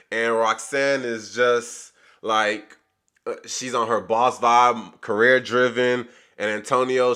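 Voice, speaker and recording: A man's voice: mid-range voice, sharp tone. A man hosting his own channel, giving a casual, rambling review of a reality show full of slang. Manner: rambling, chatty retelling with slang.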